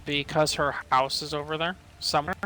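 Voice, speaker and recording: A man's voice: a little high, level tone, fairly quick, sharp tone, faint music behind. A man joining a game role-play over voice chat, playful and teasing. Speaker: fellow player on voice chat.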